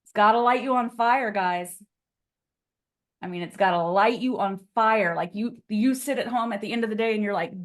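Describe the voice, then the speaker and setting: A woman coaching real estate agents in a live online class over a video call, talking in an energetic, chatty way full of "like" and "okay?". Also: mid-range voice, normal speed.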